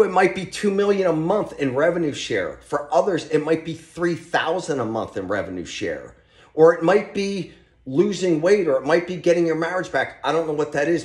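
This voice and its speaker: A man talking as a podcast guest, telling stories in an animated, motivational way with loose restarts. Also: medium pitch. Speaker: podcast guest, real estate team leader. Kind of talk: podcast conversation, storytelling. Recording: roomy echo.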